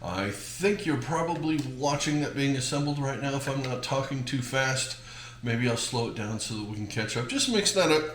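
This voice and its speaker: A man's voice: medium pitch, lively intonation, normal speed, a bit bright, roomy sound, slight background noise. A man hosting a casual cooking demonstration, chatty and jokey with rambling asides. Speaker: cooking channel host.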